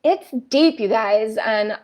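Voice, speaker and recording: A woman's voice: a little high, expressive, slow, darkish tone. A woman in her thirties, a spiritual coach talking on a live stream in a candid, fiery way.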